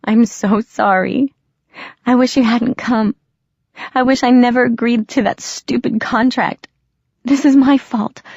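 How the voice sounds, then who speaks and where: A woman's voice: mid-range voice, expressive, a little slow, creaky, hardly any pauses, a little mellow, slightly rough, dry recording, lo-fi sound, pitched above the performer's own voice, heavily acted. A woman voicing a distraught young woman, her pleas choked and breaking into whispers. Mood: tearful.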